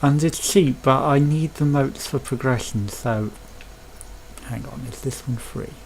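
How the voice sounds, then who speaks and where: Gravelly Birmingham man rambling over gameplay. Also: mid-range voice, measured pace, a little mellow, slight background noise, rough recording. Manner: rambling, chatty, thinking aloud. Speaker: let's play host. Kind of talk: casual gameplay commentary.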